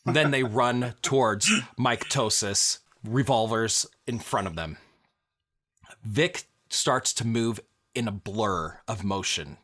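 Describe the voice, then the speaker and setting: A man running a tabletop game as game master, narrating the action lively and chuckling often. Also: mid-range voice. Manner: lively narration, breaks into laughs.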